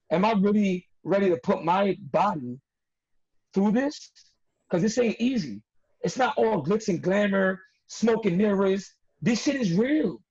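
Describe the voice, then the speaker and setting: Young new man, husky high voice, emphatic street talk, dull lo-fi sound. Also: a little mellow. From New York. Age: young adult. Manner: streetwise, emphatic, repeats himself for effect. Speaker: wrestler and podcast guest. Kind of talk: casual podcast interview. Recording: dull lo-fi audio.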